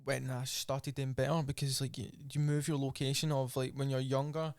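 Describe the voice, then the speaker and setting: A man's voice: mid-range voice, little pitch movement, moderate pace, dry recording, clean studio sound. A man with a Scottish accent hosting a podcast, reading listener questions in an easygoing, laughing way. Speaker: podcast host. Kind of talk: casual podcast chat. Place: podcast studio.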